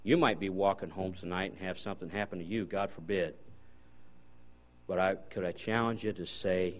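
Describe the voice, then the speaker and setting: A man's voice: sits low, fairly even intonation, normal speed. Folksy man preaching a sermon. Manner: folksy storytelling with sudden loud bursts. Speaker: guest preacher.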